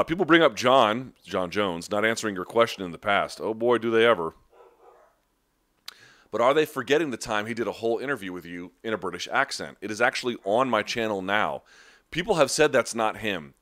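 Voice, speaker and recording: A man's voice: on the low side, fairly bright tone. A man hosting a podcast, casually answering live chat questions in a rambling, conversational way. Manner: rambling, conversational, restarts and asides.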